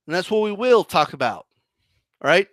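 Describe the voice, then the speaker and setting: Reading chat on his boxing live stream, this commentary channel host mocks and rants in a combative, animated way, often restarting. He speaks at normal speed in a high-pitched voice with no echo.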